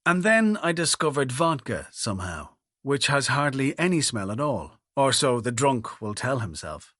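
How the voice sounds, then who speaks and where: A man reading a thriller audiobook in the first person, with a measured, confessional delivery. His voice sits at a middling pitch, and the recording is close and dry with no room sound. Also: big pitch swings, a bit bright, dry recording. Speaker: audiobook narrator.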